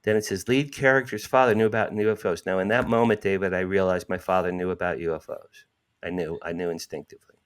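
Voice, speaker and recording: A man, telling a personal story as an interview guest, acting out quotes with sudden jumps in pitch. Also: fairly even intonation, fast talker, smooth.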